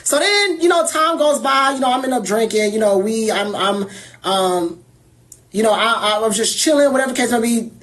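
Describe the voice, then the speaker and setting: A woman telling a personal story in casual talk, animated and irritated, acting out other people as she goes. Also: fairly high pitch, normal speed.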